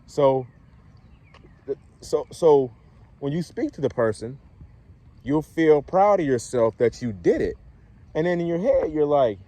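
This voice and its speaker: A man, a dating coach, talking casually to camera in a relaxed way, chuckling often and checking in with the listener. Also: on the high side, a little slow, long pauses, no room sound.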